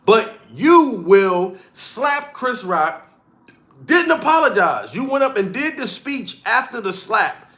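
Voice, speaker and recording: A man's voice: high-pitched, sing-song, slow, pushed and bright. A comedian streamer ranting profanely and mockingly on a live stream, calling out to chat as he goes. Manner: profane, heated, mocking rant.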